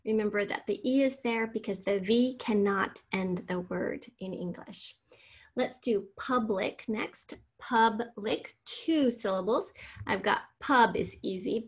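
A woman's voice: medium pitch, breathy edge. A woman teacher giving a spelling lesson, patiently sounding out syllables and spelling words letter by letter.

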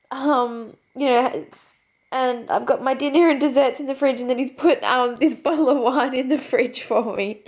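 Young Australian female vlogger, high-pitched, gushing, quick to laugh. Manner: gushing, excitable, laughs often. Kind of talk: casual vlog chat to camera. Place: car, then home.

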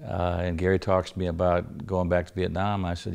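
Older male storyteller, deep gravelly voice, wry folksy delivery with dry asides. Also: completely flat delivery, fairly quick, a little mellow. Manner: folksy, wry, chuckles through his punchlines. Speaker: interview guest. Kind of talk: anecdotal storytelling.

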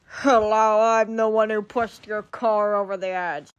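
A woman's voice: medium pitch, little pitch movement, measured pace, clean tone, raised voice, dull audio, natural voice. Woman voicing a gleeful furry monster for a cartoon skit, theatrical and taunting. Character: big furry white monster, gleeful prankster.

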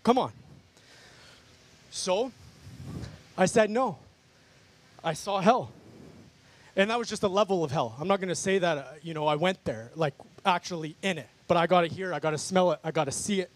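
Fairly quick and sitting high, this man's voice delivers an emphatic, fervent testimony as the guest speaker at an outdoor park worship gathering. He repeats himself a lot and keeps addressing the crowd as "guys."

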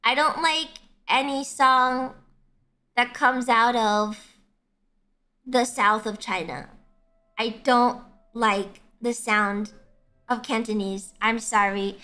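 A young woman livestreamer chatting casually while gaming, rambling and repeating herself, blunt but quick to apologize. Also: high voice, lively intonation, music in the background. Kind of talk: casual game stream chat.

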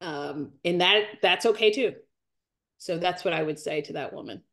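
A woman's voice: normal speed, creaky, fairly bright tone. A woman in her forties giving an earnest, emotional faith testimony as a podcast guest, close to tears and repeating her phrases. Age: 40s. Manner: earnest, repeats phrases, rises in pitch as she grows tearful. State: near tears.

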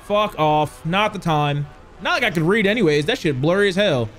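A man's voice: sits high, expressive, normal speed, fairly bright tone, soft background music. A young man playing a horror game, jumpy and swearing as he talks to his chat. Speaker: gaming youtuber. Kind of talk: horror game let's play commentary.

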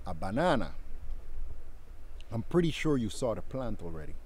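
A man's voice: fairly low pitch, sing-song, normal speed, darkish tone, slight background noise. A man working as a wildlife guide, explaining plants patiently and using technical terms, outdoors by a river. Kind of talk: explaining nature on a tour.

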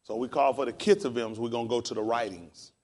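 A pastor teaching a class in a casual, encouraging way, spelling words out letter by letter. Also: male voice, medium pitch, steady tone, quick pace.

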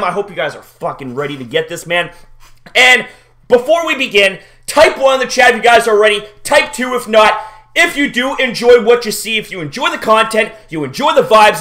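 A man hosting a live-stream reaction, excitable and swearing freely as he greets his chat by name. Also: high voice.

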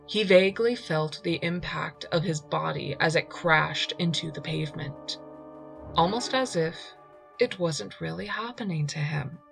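A woman narrating a horror story in a slow, measured reading. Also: deep voice, gravelly, fairly bright tone. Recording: reading over faint music.

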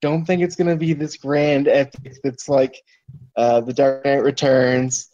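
A man's voice: mid-range voice, flat delivery, a little slow, dark tone. A man co-hosting a podcast in casual chat, laid-back and easygoing. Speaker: podcast co-host. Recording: muffled lo-fi podcast audio.

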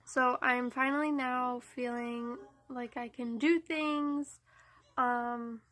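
A woman's voice: sits high, steady tone, slow, a bit bright. A young woman with a congested, stuffy-nosed voice, chatting casually to the camera at home about her day as a mom. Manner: chatty, rambling. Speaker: mom vlogger. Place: at home indoors.

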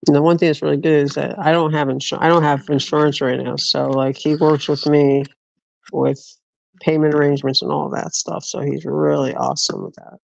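A man telling casual stories in a rambling way, often restarting his sentences. His voice has a gravelly, creaky texture at a middle pitch. The sound is dull and lo-fi, with a dry, close feel. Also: little pitch movement, brisk, no echo. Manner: rambling, with frequent restarts and laughs. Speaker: vlogger. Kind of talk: casual storytelling.

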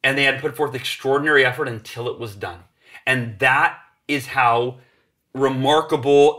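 Guy in his 40s, bright punchy voice, telling a story and doing all the voices. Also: fairly high pitch. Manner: acts out voices in his stories, energetic. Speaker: podcast guest. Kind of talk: animated storytelling.

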